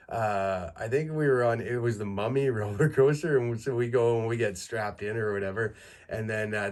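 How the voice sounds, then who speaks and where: A Canadian podcast host in his thirties, with a mid-range voice, delivers a casual monologue of crude, self-mocking stories, laughing as he tells them.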